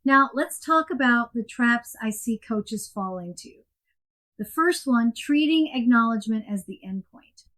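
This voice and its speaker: A woman giving a scripted coaching lesson in a clear, measured and emphatic way. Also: on the high side, lively intonation, a bit bright. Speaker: coaching instructor. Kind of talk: scripted instructional narration.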